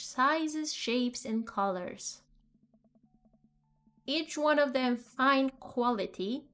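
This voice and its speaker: A woman's voice: high-pitched, pitched above the performer's own voice. A woman doing a hustling shirt-selling guy with a shaky Swedish accent. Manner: attempted Swedish accent, drawn out. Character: hustling man hawking band shirts.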